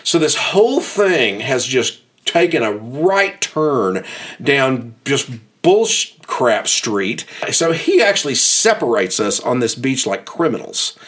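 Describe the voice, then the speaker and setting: Man, mid pitch, casual storyteller; worked up, stumbling restarts. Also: takes it slowly. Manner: animated, exasperated, frequent restarts.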